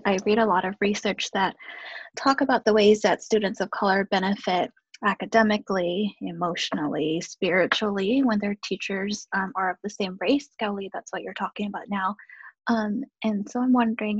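A woman hosts an interview and asks calm, measured questions. Her voice is a little husky. The sound is dry and muffled. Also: mid-range voice, no room sound. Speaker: podcast host.

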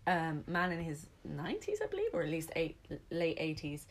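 A woman's voice: deep voice, huge pitch swings, normal speed. A young woman from England talking animatedly as a podcast guest, laughing often and swearing casually. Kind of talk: casual chat.

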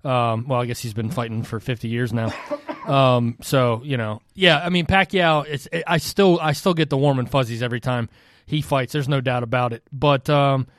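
A man co-hosting a boxing podcast, recounting fights in casual, excitable talk with some swearing. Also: medium pitch, moderate pace, no echo. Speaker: podcast co-host. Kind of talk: casual chat.

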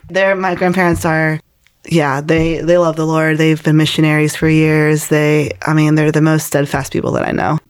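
A woman's voice: deep voice, steady tone, moderate pace. A woman in her twenties, a guest telling her personal faith story in a casual, earnest way, with many "like"s. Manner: casual and earnest, heavy use of "like".

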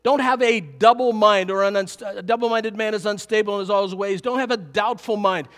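A middle-aged man preaching a sermon to a congregation, lively and animated, often chuckling. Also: high-pitched, fairly quick. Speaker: pastor.

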